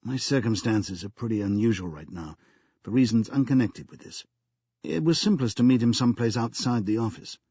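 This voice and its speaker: A man's voice: mid-range voice, brisk, mellow, slightly rough, dry recording, highs cut off, lightly acted. A man voicing a nervous, evasive young male tycoon who answers hesitantly and stumbles over his words. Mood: explaining.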